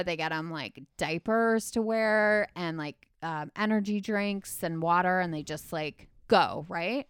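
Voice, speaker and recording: Chatty woman with a smooth, dry voice. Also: on the low side, a little slow, hardly any pauses, a bit bright, no room sound. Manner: chatty, rambling, lots of filler words. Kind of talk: casual chat.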